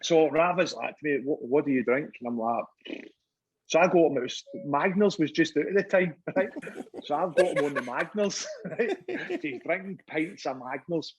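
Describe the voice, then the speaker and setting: A man's voice: on the high side, moderate pace, breathy edge, low-quality recording. A middle-aged Scottish man, a former footballer, telling stories in casual chat, laughing and swearing often. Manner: laughing, swearing, animated anecdote-teller.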